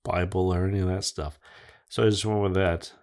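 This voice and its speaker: A man's voice: low voice, fairly even intonation, fairly quick, darkish tone. A man hosting a podcast, chatting casually on a close studio mic, rambling and swearing a lot. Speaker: podcast host. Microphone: close studio microphone.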